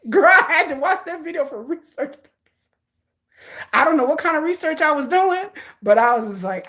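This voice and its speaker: High, lively, laughing woman vlogger. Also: moderate pace, long pauses. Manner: laughs often, playful and chatty. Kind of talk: casual chat with viewers.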